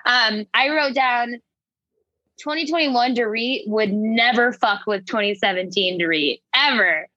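A woman spills gossip in a quick, sassy manner. Her voice is fairly high and sharp, and it is recorded dry. The sound is slightly dull and lo-fi. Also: no room sound. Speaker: podcast co-host. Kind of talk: casual gossip chat.

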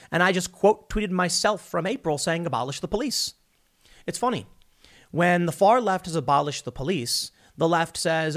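Guy doing a heated opinion monologue, kinda high voice, punchy, lots of restarts. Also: expressive, moderate pace, a bit bright. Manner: emphatic and combative, with frequent restarts. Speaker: political commentator.

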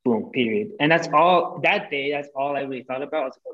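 A young man, a podcast guest, telling a breakup story in casual chat, animated and full of swearing, acting out what people said. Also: medium pitch, fast, lo-fi sound. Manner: animated, profane, acts out quoted lines.

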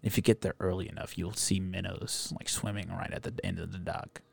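A man in his twenties, a podcast guest, telling a story in a casual, profane, animated way. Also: low voice, fairly quick, creaky, no echo. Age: 20s. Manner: animated, profane, acts out friends' voices.

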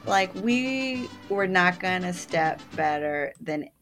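Lively woman telling stories, lower-pitched. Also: slow, faint music behind. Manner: animated storytelling, laughs often. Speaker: podcast guest. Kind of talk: casual chat.

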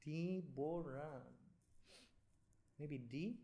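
Woman host, low voice, teasing and blunt interviewer. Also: extremely slow, warm tone, muffled recording. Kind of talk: casual chat.

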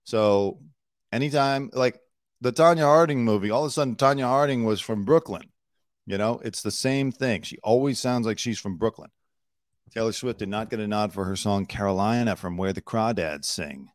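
A man hosting an entertainment news rundown speaks at a moderate pace in a somewhat low voice. He's casual and loose, dropping snarky opinions amid fillers and restarts, recorded close and dry.

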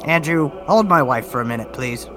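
A man's voice: on the high side, expressive, brisk, over music. A man playing a tabletop role-playing game, talking brashly and swaggering in character. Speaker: player.

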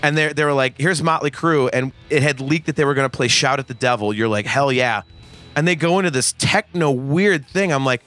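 A man's voice: mid-range voice, brisk, fairly bright tone, soft background music. Profane ranting man in his forties. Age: 40s. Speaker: podcast guest. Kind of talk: casual podcast chat.

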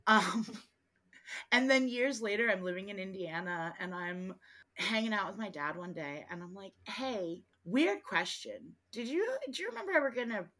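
A woman co-hosting a podcast in casual chat, an animated storyteller who swears freely. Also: mid-range voice, normal speed. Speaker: podcast co-host.

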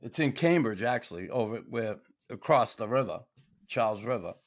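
A man's voice: medium pitch, lively intonation, normal speed. A man with a Boston accent hosting a podcast, telling stories in a blunt, profane, casual way. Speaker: podcast host. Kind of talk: casual interview chat.

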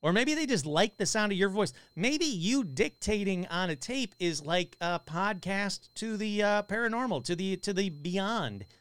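Excitable man hosting a podcast. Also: high voice, moderate pace, few pauses, smooth, dry recording. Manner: excitable, casual, swears a lot. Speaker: paranormal podcast host. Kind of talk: live podcast chat reading viewer comments.

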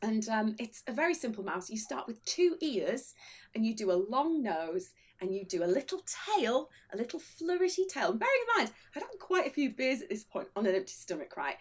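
Husky, animated woman telling a story. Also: a little high, a little fast. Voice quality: husky, animated, laughing through lines. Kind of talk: comic anecdote on a chat show.

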